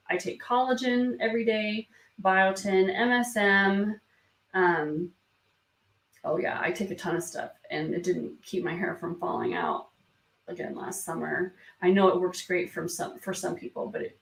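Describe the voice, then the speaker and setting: Teary woman reading comments, gravelly voice. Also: lowish voice. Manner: soft, hesitant, many ums and restarts. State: emotional, fighting back tears. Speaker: beauty vlog host. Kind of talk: live stream reading viewer comments. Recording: roomy sound from a distance from the mic.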